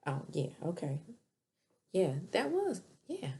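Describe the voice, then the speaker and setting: Low gravelly woman recapping a show. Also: wildly swooping pitch, warm tone, a little hiss or hum. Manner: chatty, retells scenes with quick asides and laughs. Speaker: TV episode reviewer. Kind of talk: casual recap commentary.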